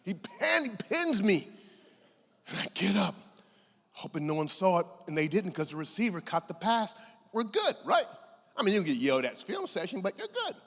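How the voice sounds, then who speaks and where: Animated man telling a story on stage. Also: sits high, moderate pace. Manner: animated, acts out voices, laughs often. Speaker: keynote speaker. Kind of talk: motivational storytelling speech. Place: large conference hall. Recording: long hall reverb.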